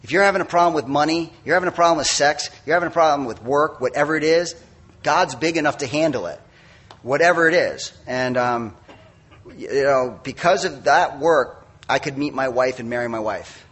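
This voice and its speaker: A middle-aged man speaking at a recovery meeting, giving a candid, self-mocking personal testimony full of quick asides. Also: a little high, fairly bright tone, husky.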